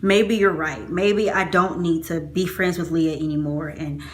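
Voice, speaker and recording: A young woman in college telling a storytime vlog, animated, quoting herself with high exclamations and laughing between lines. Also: a little slow. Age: young adult. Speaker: vlogger. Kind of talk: storytime vlog, casual chat.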